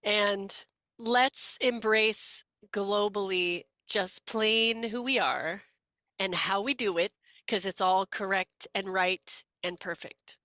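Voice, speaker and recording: A woman co-hosting a podcast interview, talking in a lively, chatty and playful way. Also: medium pitch, slow, no echo. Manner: lively, chatty, playful, does quoted voices. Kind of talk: casual conversational interview.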